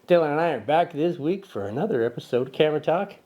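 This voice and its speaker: A man's voice: a little high, animated, quick pace, highs cut off. A man hosting a casual camera show, joking around, teasing a little sidekick and rambling with self-corrections. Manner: playful, teasing, talks to a little buddy sidekick; loose and rambling, with many ums and self-corrections. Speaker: camera channel host.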